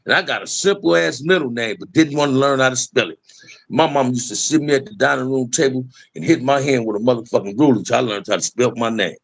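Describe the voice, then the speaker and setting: Gravelly middle-aged dude telling stories, streetwise, cussing a lot, keeps saying man. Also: mid-range voice, fast, a bit bright. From Los Angeles area. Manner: streetwise, profane, addresses listener as man. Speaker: interviewee telling life stories. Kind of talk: casual storytelling.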